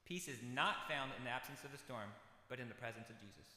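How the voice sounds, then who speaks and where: A man's voice: mid-range voice, lively intonation, fast talker, bright, forceful tone. A man preaching a sermon in a conversational, self-deprecating way, putting questions to his congregation. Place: church sanctuary. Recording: echoey church hall.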